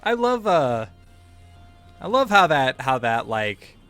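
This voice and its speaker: A man's voice: mid-range voice, very animated, slow, fairly bright tone, soft background music. A man chatting casually over a video game, laughing often, rambling and swearing freely. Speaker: co-host of a gameplay video. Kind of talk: casual gameplay chat.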